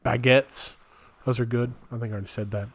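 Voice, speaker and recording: A young man talks through a solo podcast in a small room at home. His voice sits at an ordinary middle pitch and rambles from one bit to the next, breaking into incredulous asides as he reads things aloud. The sound is close and dry, with no room echo. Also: fairly even intonation, fairly quick, fairly bright tone. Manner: rambling, incredulous, riffing while reading aloud. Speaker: podcast host. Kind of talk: solo comedic podcast rant.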